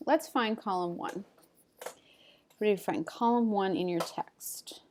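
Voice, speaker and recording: A woman's voice: mid-range voice, a little mellow. Patient woman teacher drilling words aloud. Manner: clear, patient call-and-response drilling. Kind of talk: recorded remote reading lesson.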